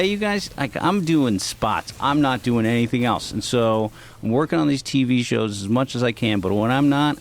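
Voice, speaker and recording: A man's voice: medium pitch, a little hiss or hum. A man telling stories as a comedian guest on a podcast, in a casual, profane style. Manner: profane, animated storyteller.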